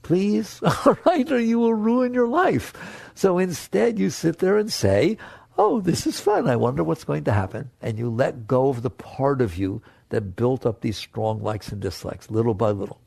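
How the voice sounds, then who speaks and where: Gravelly man giving a coaxing spiritual talk. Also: no echo. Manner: animated, jumps between playful high voices and soft low asides; direct, coaxing. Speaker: spiritual teacher.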